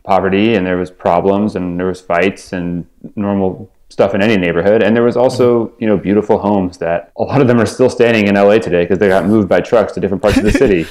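A man with a very low, deep voice talks things through in a relaxed podcast chat. He speaks as an author guest, thoughtful and rambling, leaning on "you know" and "like" as he works toward his point. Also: fast talker, few pauses. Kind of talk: casual podcast conversation.

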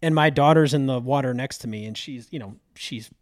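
A man's voice: medium pitch, a little fast. Laid-back man in casual podcast chat. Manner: laid-back, trailing, laughs often.

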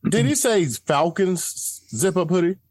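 A man with a high, lively voice trades teasing jokes on a veterans' podcast. His delivery bounces up and down, and the sound is dry and close. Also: measured pace, no room sound. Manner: joking, teasing. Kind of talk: casual chat.

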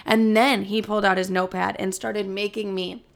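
A woman's voice: mid-range voice, flat delivery, normal speed, creaky. A young adult woman telling a story to the camera in a casual rant, blunt and swearing a lot. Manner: blunt, heavy swearing, fired-up. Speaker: storyteller vlogger.

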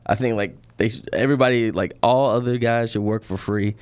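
A man's voice: mid-range voice, steady tone, fairly quick, a little mellow, clean tone. A man co-hosting a podcast in casual chat, laid-back and rambling, laughing often. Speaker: podcast co-host.

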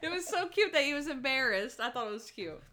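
A woman co-hosting a relaxed podcast, talking in a somewhat high voice. She retells scenes with lively energy and acts out lines as she goes, laughing often. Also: quick pace. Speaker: podcast co-host. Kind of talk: casual chat recapping a TV episode.

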